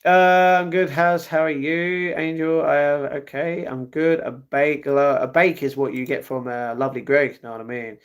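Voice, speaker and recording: A man's voice: fairly high pitch, fairly even intonation, moderate pace, hardly any pauses, clean tone. A young man hosting a casual livestream, chatting loosely and replying to viewers' comments one after another. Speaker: livestream host reading chat.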